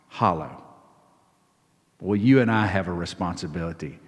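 A man preaching a sermon as pastor, swinging from hushed, quiet lines to loud, high, impassioned ones. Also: lively intonation, normal speed, pauses often, slightly rough, in a large hall.

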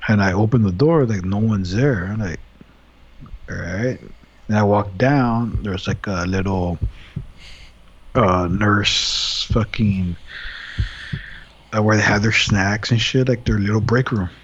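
A man's voice: fairly low pitch, measured pace, pauses often, breathy edge. Profane man telling a story, dull lo-fi audio. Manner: profane, animated retelling with quoted asides. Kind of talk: casual storytelling chat.

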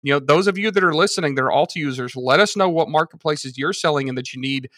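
A man with a bright, forceful tone talks through examples at length in a casual podcast chat. His voice is dry and close, with no room sound behind it. He explains patiently and in detail. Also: a little high, fast talker, no room sound. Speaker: guest from a seller funding service.

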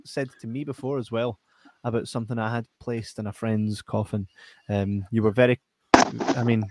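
A man's voice: medium pitch, no echo. A man with a Scottish accent hosting a casual live stream, reading out chat messages with lots of laughter and banter. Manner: banters, laughs often, swears.

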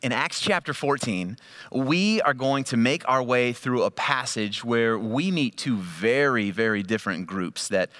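A man's voice: medium pitch, animated, a little slow, fairly bright tone. A male pastor giving a sermon, telling stories in a conversational, humorous way.

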